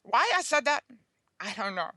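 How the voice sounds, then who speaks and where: A woman's voice: fairly high pitch, big pitch swings, normal speed, sharp tone, dry recording. A woman guest author telling a personal story in an interview, earnest and chatty, often checking in with the listener. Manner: chatty, earnest, checks in with "okay?" and "you know".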